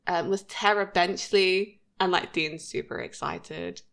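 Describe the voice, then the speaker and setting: A woman's voice: measured pace, gravelly. A woman in her thirties co-hosting a podcast, chatting casually about a TV episode and laughing often. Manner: chatty, laughs often, lively pitch jumps. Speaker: podcast co-host.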